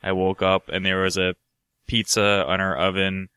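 A man's voice: low voice, completely flat delivery, moderate pace, sharp tone, clean tone, dry recording. A man on a podcast rambling through a casual story, swearing freely and laughing often. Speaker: podcast co-host.

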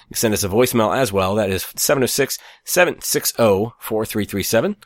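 A man co-hosting a casual gaming podcast, relaxed and quick to laugh as he reads out the show's plugs. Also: fairly low pitch, no echo. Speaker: podcast co-host.

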